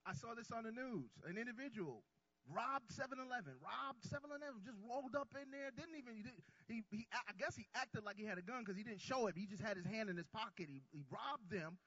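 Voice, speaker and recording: A man preaching a sermon who calls on his congregation to answer back, drawing out key words and swinging between quiet asides and loud lines. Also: very high voice, expressive, brisk, dry recording, dull audio. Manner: call-and-response with the congregation.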